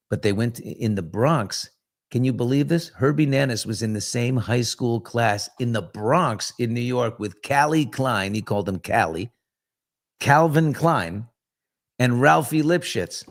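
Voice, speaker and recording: A middle-aged man hosting a live morning chat show, talking loosely and candidly with viewers and rambling through stories with restarts. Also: mid-range voice. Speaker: talk show host.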